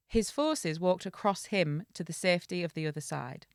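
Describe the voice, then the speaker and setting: A woman hosting a casual podcast, reading an old tale aloud and breaking off for quick jokey asides. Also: lowish voice, clear, resonant tone, no echo, studio quality. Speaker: podcast host.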